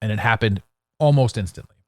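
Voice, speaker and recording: A man hosting a solo podcast, talking in a blunt, sarcastic, animated way with frequent restarts. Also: fairly low pitch, fairly quick, no echo. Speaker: podcast host.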